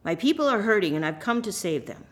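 A woman reading a booming divine voice from a bush. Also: very animated, quick pace, close to an everyday voice. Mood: commanding. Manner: commanding, solemn.

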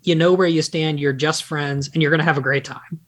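A podcast co-host chatting casually, giving wry, analytical takes in a mid-pitched voice. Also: steady tone, brisk. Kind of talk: casual chat.

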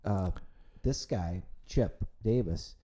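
A man's voice: fairly low pitch, slow pace, dark tone. A man co-hosting a podcast, telling stories in a rambling, hesitant way with many restarts. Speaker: podcast co-host. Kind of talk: casual chat.

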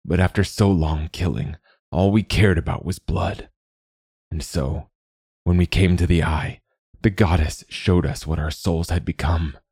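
A man voicing a weary, gruff but kind old male swordsman, speaking in a low murmur in a storybook reading. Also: a little slow, darkish tone, no room sound, studio quality, exaggerated voice.

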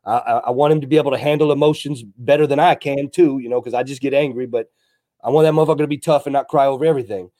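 A man's voice: medium pitch, fairly even intonation, rapid-fire, dark tone, no echo. A young adult man in casual chat, blunt and outspoken, swearing freely.

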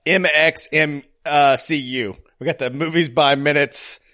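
A man's voice: a little high, unhurried, dry recording, clean studio sound. A man in his forties hosting a casual movie podcast, joking and laughing as he talks. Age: 40s. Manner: animated, laughing, jokey. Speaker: podcast host.

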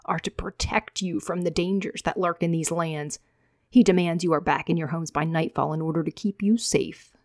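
An arrogant, cruel soldier villain with a judgmental edge, as a woman puts him on in a storybook reading. The voice sits a little low, recorded dry and close. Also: fairly quick, few pauses, no echo, close to an everyday voice. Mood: stern.

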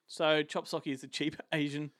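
A man hosting a movie podcast, jokey and quick to laugh. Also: fairly high pitch, little pitch movement, fairly bright tone, dry recording, studio quality. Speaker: podcast host. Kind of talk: casual movie podcast chat.

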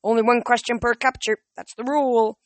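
A shrill, complaining ancient sea spirit, as a reader puts him on, his voice jumping well above the narration and coming out loud and strained. He whines and grumbles like a cornered old man in a storybook. The recording is dry and close. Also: steady tone, brisk, dry recording, lightly acted. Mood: grumbling. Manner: complaining, self-pitying. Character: grumpy ancient male sea spirit, wily and whiny. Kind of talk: audiobook reading.

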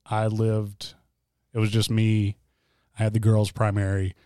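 A man's voice: on the low side, completely flat delivery, unhurried, dark tone, dry recording, clean studio sound. A man in his thirties, co-hosting a podcast and telling candid, self-mocking stories about his life in casual chat. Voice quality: voice turns gravelly when whispering. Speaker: podcast co-host and guest.

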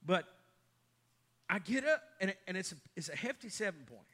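Pastor guy preaching, high bright voice, gets loud then drops real quiet for stories. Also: very animated, a little fast, slightly rough. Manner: emphatic preaching, swings from loud to hushed storytelling. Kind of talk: sermon.

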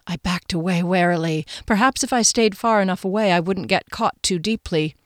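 A woman narrating a first-person novel as an audiobook, in a wry, expressive way. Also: lowish voice, normal speed, hardly any pauses, no room sound, clean studio sound.

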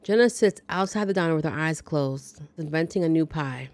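A woman's voice: deep voice, moderate pace, a little mellow. A woman podcast host giving a chatty, wry, dryly joking casual recap of a movie. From lives in the American South.

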